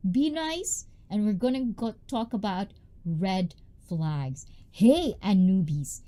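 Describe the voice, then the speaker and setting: A woman, hosting a casual livestream in a loud, bubbly, chatty way and greeting viewers by name. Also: animated, slow. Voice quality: high-pitched. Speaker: livestream host.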